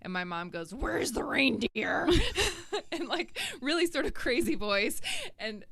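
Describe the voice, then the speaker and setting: A woman guest telling a funny story in a casual chat, animated and laughing. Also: high-pitched, a little slow, crowd noise.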